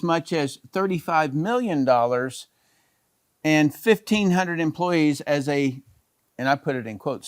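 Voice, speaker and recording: A man's voice: a little high, animated, moderate pace, no echo, clean studio sound. A middle-aged man, a business educator, explaining business models in a conversational talk and checking in often with "okay" and "all right". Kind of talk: explanatory talk over slides.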